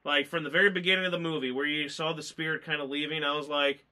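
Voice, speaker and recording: A man's voice: fairly high pitch, fairly even intonation, quick pace, hardly any pauses, pushed and bright. A man chatting casually as a movie reviewer, rambling and emotional, choked up and tearful as he talks. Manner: rambling, emotional, lots of fillers. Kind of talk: casual chat.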